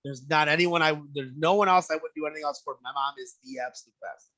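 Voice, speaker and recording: A man's voice: on the high side, fast talker, no echo. A man in a casual podcast chat, telling stories with lots of energy, acting out the people he quotes and swearing freely. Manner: animated storyteller, acts out quoted voices, swears freely. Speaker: podcast guest.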